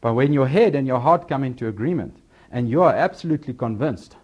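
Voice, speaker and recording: Man preaching with lively emphasis. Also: medium pitch, a little fast, breathy edge, muffled recording. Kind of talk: sermon.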